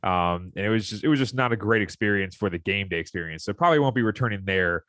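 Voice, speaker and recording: A man's voice: on the low side, animated, fast talker, dry recording. Rambling casual male podcast co-host. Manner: rambling storyteller with many fillers, acting out shouted quotes. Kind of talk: casual chat.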